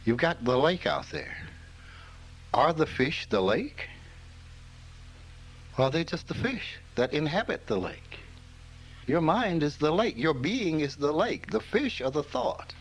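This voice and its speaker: An older man gives a relaxed spiritual talk to a live audience. His slightly high voice swoops up and down with great animation. He speaks slowly, in a folksy storytelling way, chuckling as he goes. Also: slightly rough, poor audio. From rural Mississippi, US. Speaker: spiritual teacher.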